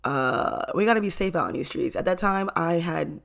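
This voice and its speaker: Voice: mid-range voice, moderate pace, vocal fry, fairly bright tone. A young adult telling a casual storytime to camera, chatty, full of fillers, often laughing and swearing. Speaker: storytime vlogger.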